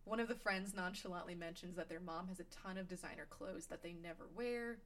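A woman in casual chat recapping a TV show, animated and laughing, acting out quotes. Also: lowish voice, a little fast. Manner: animated, laughing, acts out quotes in funny voices.

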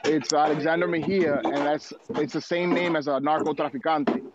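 Man over a loud crowd, dull sound. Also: on the high side, steady tone, normal speed. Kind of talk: casual chat.

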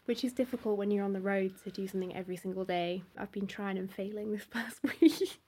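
A young woman, a session bassist, talking reflectively and a bit hesitantly as a guest in a casual podcast interview. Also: fast talker, darkish tone, breathy edge. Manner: reflective, hesitant, trailing phrases.

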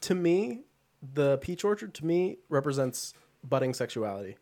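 A man co-hosting a podcast, retelling a film in a loose, rambling way full of fillers and quick put-on voices. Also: on the high side, big pitch swings, mellow. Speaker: podcast co-host. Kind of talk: casual movie chat.

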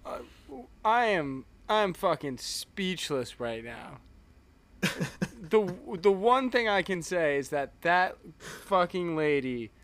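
A man's voice: high voice, big pitch swings, slow pace, a bit bright, clear, resonant tone. A man co-hosting a podcast, reacting in an emphatic, profane and dramatic way during casual chat. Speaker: podcast co-host.

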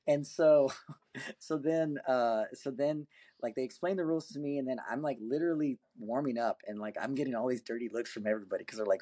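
A man's voice: mid-range voice, a little fast. Rambling man telling a story. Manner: rambling, full of fillers and restarts; lively, acts out quoted voices. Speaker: podcast guest, competitive axe thrower. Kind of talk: casual anecdotal storytelling.

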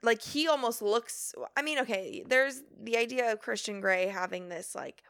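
A young woman co-hosting a podcast, chatting in a lively way and acting out quoted lines as she goes. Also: fairly high pitch, creaky, clear, resonant tone, no room sound, studio quality. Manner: chatty, animated, quick quoted asides. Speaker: podcast co-host. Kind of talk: casual chat.

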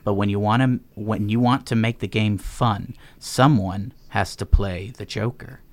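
A man's voice: on the low side, steady tone, a little slow, lightly acted. A man voicing a chuckling, amused killer. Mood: grave. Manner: chuckling, mock-casual. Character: murderous male jester-like killer, calmly amused.

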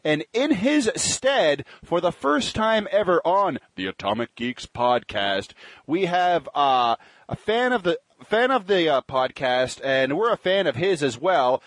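A man hosts a podcast chat with a slightly raised pitch that swoops up and down as he jokes. His voice is close and dry, with no room sound behind it, and he fills his pauses with ums and uhs. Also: no room sound. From Canada. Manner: animated, jokey, with filler ums and uhs. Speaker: podcast host.

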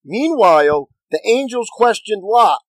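A pastor reading scripture aloud in a steady, earnest manner. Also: male voice, high voice, a little slow, dry recording, rough recording.

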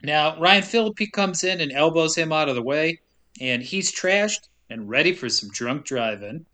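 A man recaps a movie in loose, casual chat, his voice a touch high and bright. He is sarcastic and dry, and he swears freely. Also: animated, measured pace.

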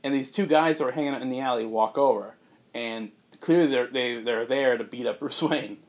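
A man on a podcast telling a story in casual chat, rambling with fillers and putting on quick voices for the characters. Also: mid-range voice. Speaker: podcast co-host pitching a movie.

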